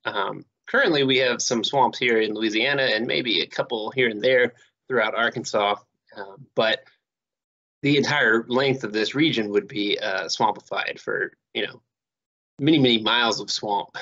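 A man's voice: lowish voice, moderate pace, highs cut off. Rambling man giving a casual lecture. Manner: relaxed, rambling, many fillers. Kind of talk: recorded online lecture. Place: home recording near Houston.

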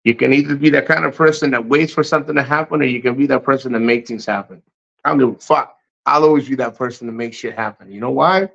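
A man's voice: medium pitch, fast talker, vocal fry, fairly bright tone. A man hosting a casual livestream, reading chat and giving blunt, profane motivational rants. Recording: muffled lo-fi stream audio.

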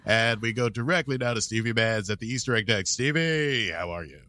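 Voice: mid-range voice, fairly quick, pushed and bright, lightly acted. A podcaster voicing a formal news anchor who opens the broadcast with a hammy announcer delivery. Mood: pompous.

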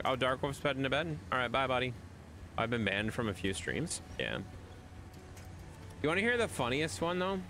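Male streamer, casual chat to viewers, rambling and teasing, very animated delivery. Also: mid-range voice, slight background noise. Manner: chatty, teasing, rambling with restarts. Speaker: livestreamer.

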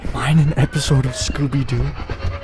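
A man's voice: mid-range voice, steady tone, moderate pace, over loud music. A young man playing a horror game, swearing, yelping and laughing nervously as he goes. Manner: jumpy, loud swearing, yelps and nervous laughter. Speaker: gamer.

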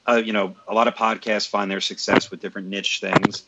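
Low relaxed guy, promoter on a podcast, fillers, noisy dull audio. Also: fairly quick. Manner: relaxed, searching for words with fillers. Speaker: wrestling promoter and podcast host. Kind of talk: casual podcast chat. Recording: dull lo-fi audio with background noise.

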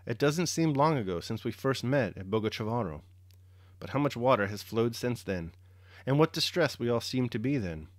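A man's voice: medium pitch, expressive, moderate pace, no echo, studio quality, natural voice. A man voicing a reserved, melancholy young count in a dramatic reading, speaking in a restrained, subdued way. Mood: rueful.

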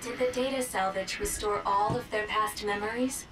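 A woman voicing a calm female robot support pod in a video game, speaking in an even, formal, measured way. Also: mid-range voice, close to an everyday voice. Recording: game audio with steady noise.

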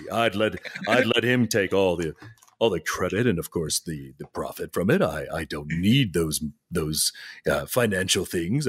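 A middle-aged man chatting as a podcast guest, telling lively stories with frequent laughs and restarts. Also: deep voice, husky. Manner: animated storyteller, laughs often, restarts sentences. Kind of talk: casual interview chat.

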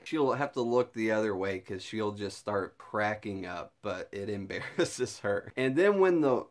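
A man's voice: lowish voice, expressive, unhurried. A young man vlogging in a casual chat, laughing often and slipping into silly put-on voices.

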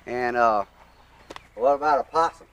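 A man's voice: medium pitch, a little slow, a bit bright, slight background noise. A man interviewing a blues singer, asking curious follow-up questions and trading stories.

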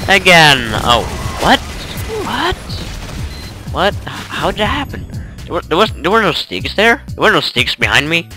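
Tired dude slowly rambling thru a let's play, music playing behind. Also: male voice, a little high, very animated, sharp tone. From Norway. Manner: rambling, self-correcting, chuckling. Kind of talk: casual gameplay commentary.

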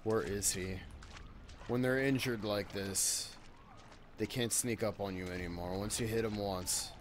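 A man's voice: fairly low pitch, fairly even intonation, unhurried, slight background noise. A young man giving let's-play commentary, talking to the game in exasperation and swearing often. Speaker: gameplay commentator.

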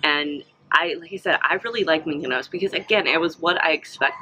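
A woman's voice: low voice, fairly quick, background noise. A young woman vlogger giving a casual, rambling travel recap, full of fillers and restarts, with the hiccups. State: has the hiccups.

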